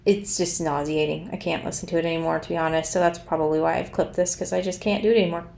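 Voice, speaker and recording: A woman's voice: on the low side, steady tone, fast talker, vocal fry, a little mellow. A woman giving casual commentary in a sarcastic, scornful, exasperated tone. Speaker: commentary vlogger.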